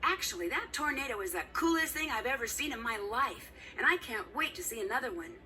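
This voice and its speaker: An eager young detective. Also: female voice, a little high, animated, a little fast, pushed and bright, distant mic, soft background music. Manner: polite, earnest and upbeat. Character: eager young female detective, undercover intern. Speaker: game character.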